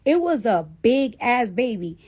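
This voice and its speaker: A woman's voice: fairly high pitch, unhurried. A woman in her thirties telling a story casually on a live stream, swearing freely and acting out the dialogue. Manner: profane, animated storytelling with quoted dialogue. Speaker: livestreamer.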